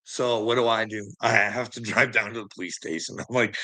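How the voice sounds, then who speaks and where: A man's voice: lowish voice, little pitch movement, fairly quick, few pauses, bright, forceful tone. A man telling an angry, swear-filled story in a casual rant to a friend. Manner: heated, profane, emphatic. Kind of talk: casual ranting anecdote.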